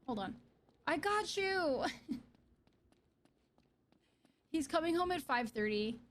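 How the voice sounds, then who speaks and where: A woman livestreams a game, chatting with viewers and shrieking and swearing when things go wrong. Her voice sits high, with a slow, sing-song delivery.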